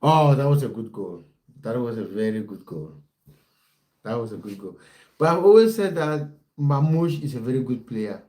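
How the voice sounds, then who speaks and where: Mellow-voiced young man chatting on a livestream. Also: mid-range voice, animated, moderate pace. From based in the United Kingdom. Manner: chatty, reads out chat comments, restarts often. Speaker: football coach and livestream host. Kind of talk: casual livestream chat with viewers.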